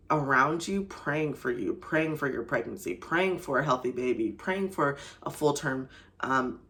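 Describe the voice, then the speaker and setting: Chatty young woman with a gravelly voice. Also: a bass voice, fairly bright tone. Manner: chatty, full of "like" and "you know" fillers. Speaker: faith vlogger. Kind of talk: casual storytelling to camera.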